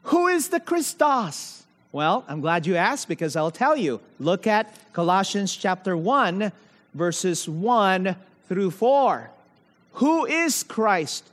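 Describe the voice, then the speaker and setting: A high-pitched male preacher delivers his sermon at an unhurried pace, dwelling on each key phrase. He keeps asking rhetorical questions and answering them himself. His voice carries a long reverb from the church hall. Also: sing-song, fairly bright tone.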